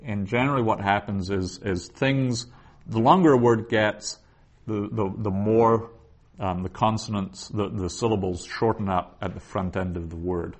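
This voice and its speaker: A man teaching a Hebrew lesson, explaining slowly and thinking aloud with frequent restarts. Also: on the low side. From the West. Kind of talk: lecture on Biblical Hebrew.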